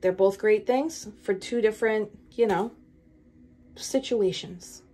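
Female tarot reader, casual and animated, direct to camera, mid-pitched. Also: takes it slowly. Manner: animated, chatty, laughs often, talks straight to viewers.

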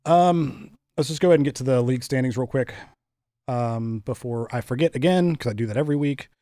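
A man's voice: medium pitch, fairly quick, mellow, no echo. A young man hosting a casual fantasy football podcast, joking and running the segments. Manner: laid-back, joking, runs the segments. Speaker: podcast host.

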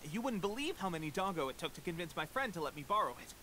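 A high, lively young soldier, upbeat and full of himself, his voice swinging all over. He plays the seasoned veteran with cheerful bluster. A clear hiss runs under the game audio. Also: very fast. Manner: upbeat and boastful. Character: eager young male soldier, cheerful, bluffing.

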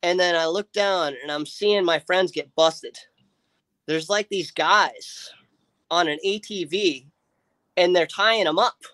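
A man with a somewhat high voice tells a long story in loose, casual chat. He rambles with lots of fillers and restarts and slips into his friends' voices as he goes. The sound is dry and close. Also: slow, no room sound. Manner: animated, acts out friends' lines. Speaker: livestream guest telling a story.

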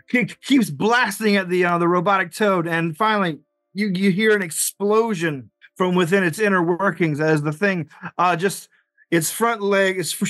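A man narrating as game master in a tabletop game. He talks haltingly, with frequent fillers, restarts and laughter. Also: sits high, a bit bright, dry recording.

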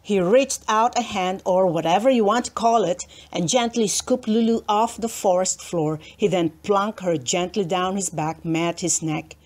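A woman reading a children's storybook aloud in a slow, expressive storytelling manner. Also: medium pitch. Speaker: read-aloud book narrator.

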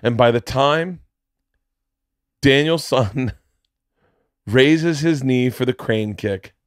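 A middle-aged man spins a story on a casual podcast, his voice jumping up in pitch when he gets excited. The sound is close and dry, with no room around it. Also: takes it slowly, no echo. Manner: animated, swings into high excited bursts while telling stories. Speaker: podcast co-host.

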